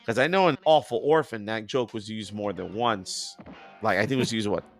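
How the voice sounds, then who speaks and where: Hoarse, gravelly-voiced man chatting. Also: on the low side, normal speed, faint music behind. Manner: animated, rambling, laughs often. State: hoarse after a heavy singing week. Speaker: guest, working singer. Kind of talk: casual chat.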